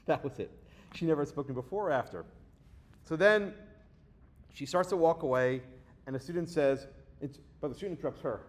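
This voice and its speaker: With a voice on the high side, he speaks a little fast but leaves long pauses. He's a guest lecturer in a lecture hall, telling a sarcastic story in an animated way and acting out the quoted voices.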